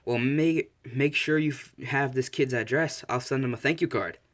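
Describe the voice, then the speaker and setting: A man's voice: mid-range voice, moderate pace, voice pushed up, natural voice. Man as an upbeat, hearty hero father. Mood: cheerful.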